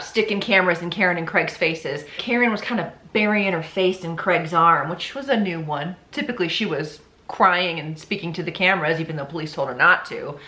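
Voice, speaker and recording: A young woman tells a true crime story in a casual, blunt way, and she tosses in offhand asides as she goes. Her voice is bright and forward. The room around her is echoey. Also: mid-range voice. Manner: chatty and blunt, with swearing and asides.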